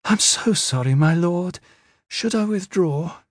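A man's voice: high-pitched, animated, slow pace, no echo, studio quality, pitched above the performer's own voice, full character voice. A man voicing a frightened fourteen-year-old servant girl who speaks timidly in an audiobook. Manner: trembling, apologetic.

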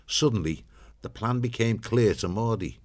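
A man narrating a storybook in a steady, measured way. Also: fairly low pitch.

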